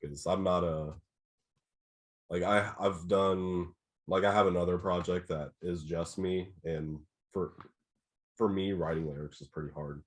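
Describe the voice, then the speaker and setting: A man guesting on an interview, talking about his band in a modest, halting way. His voice is very deep. He stops and restarts while he thinks things through. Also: steady tone. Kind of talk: casual interview chat.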